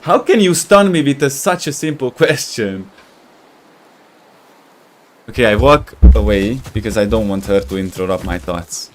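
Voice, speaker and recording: A man's voice: on the low side, lively intonation, a little slow, long pauses. A young man from Romania hosting a gaming livestream, chatting loosely with viewers, rambling, laughing often and groping for words. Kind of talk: casual chat with live viewers while playing.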